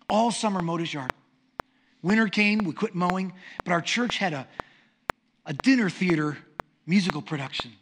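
A middle-aged male pastor preaching through stories, animated and full of humour. His voice is high for a man. The recording carries a clear hiss and some clicks. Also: normal speed. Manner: animated, humorous storyteller. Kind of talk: sermon storytelling.

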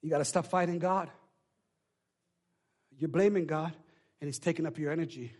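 A man preaching a sermon as pastor, swinging between shouted pleas and hushed, drawn-out lines with a call-and-response cadence. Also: fairly high pitch. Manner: shifts between shouting and hushed near-whispers.

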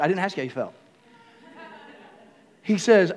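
A man pastor preaching a sermon to a congregation, repeating key phrases and building up to shouts. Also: high voice, expressive, unhurried, long pauses. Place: church room with congregation.

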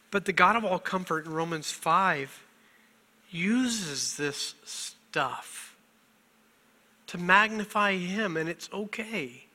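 A man's voice: sits high, measured pace, pushed and bright. A middle-aged male pastor preaching a sermon, emotional and self-deprecating, on the verge of tears and often laughing through them. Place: church sanctuary. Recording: long church hall reverb.

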